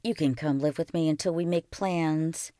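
Brief: woman narrator playing a grave, steady small-town doctor for a storybook, low and unhurried, dry close sound. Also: no echo, natural voice. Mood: coaxing. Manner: quiet, slow and measured. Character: grown woman country doctor, calm and firm.

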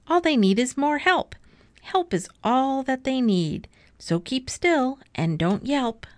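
A woman voicing a big, boastful male cat in a hat, reading from a storybook in a slow, showy, bossy way. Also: sits high, expressive, dry recording, voice pushed up. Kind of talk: storybook read-aloud.

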